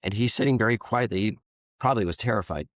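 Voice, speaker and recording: A man in his fifties talks earnestly through a personal story, his voice very low and steady. He slips into the voices of the people in the story as he goes. The sound is dry and a little muffled. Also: quick pace, no room sound. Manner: earnest, candid, acts out quoted dialogue. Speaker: interview guest, foster parent.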